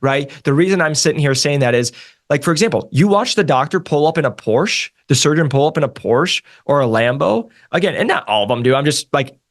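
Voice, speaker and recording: A man coaching nurses on a career move, talking in an energetic, emphatic way with lots of repetition. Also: a little high, a little fast. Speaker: sales coach. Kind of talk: podcast conversation.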